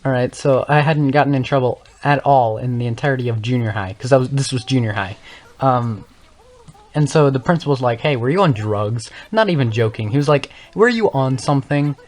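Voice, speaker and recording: A man's voice: mid-range voice, a little fast, darkish tone. A teenage boy, a gaming channel host, telling a casual story in a rambling way, correcting himself often and laughing as he goes. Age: young teens.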